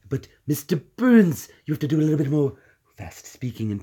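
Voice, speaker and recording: A playful man talks casually about doing voice impressions, laughing often. His pitch bounces all over the place as he jumps between ideas. His nose sounds a little stuffy. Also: very animated, fairly quick, dark tone, husky. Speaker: channel host.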